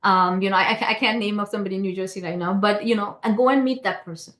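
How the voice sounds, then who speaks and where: A woman speaks at a temple class and tells a story in a loose, conversational way. She stops and restarts often, fills gaps with "um" and "like", and keeps asking her listeners "right?". Her voice sits at a middle pitch for a woman and rings around a roomy temple hall. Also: fairly even intonation, fast, a bit bright. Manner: hesitant, many fillers and restarts.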